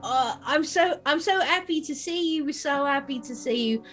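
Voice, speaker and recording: A woman's voice: high-pitched, normal speed, fairly bright tone, faint music behind, pitched above the performer's own voice. A woman voicing a rowdy, overfamiliar grown man at a pub, crude and effusive. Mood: gushing.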